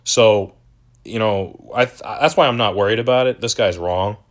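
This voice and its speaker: A man's voice: lowish voice, normal speed. A young man hosting a crypto channel, ranting in a profane, exasperated and mocking way. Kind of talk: ranting video commentary.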